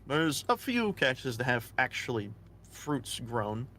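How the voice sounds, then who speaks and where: Casual male game master, animated and bright, faint music underneath. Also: medium pitch, a little slow, slight background noise. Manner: casual and giggly, with loose swearing and fillers. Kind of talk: narrating a tabletop game.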